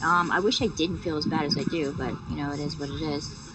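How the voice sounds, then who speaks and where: A woman's voice: deep voice, steady tone, brisk. A woman streamer feeling sick with a sore throat, rambling and swearing with lots of fillers in casual live-stream chat. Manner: rambling, profane, many fillers. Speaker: game streamer. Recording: distant mic with music.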